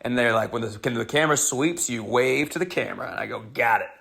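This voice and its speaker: A man's voice: mid-range voice, fast, creaky, bright, forceful tone. Guy rambling through a funny story on his podcast, wry little asides, keeps restarting. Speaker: comedian podcast host. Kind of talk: comedic story monologue.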